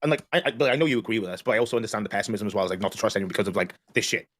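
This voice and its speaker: A man guest on a livestream chat, talking quickly with casual swearing. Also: fairly low pitch, animated, a bit bright, dry recording. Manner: rapid, swearing.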